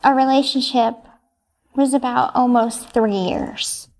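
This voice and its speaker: Soft-spoken hesitant young woman, gravelly. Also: on the high side, takes it slowly. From United States. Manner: soft, hesitant, brief answers with many ums. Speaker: interviewee. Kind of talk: answering interview questions.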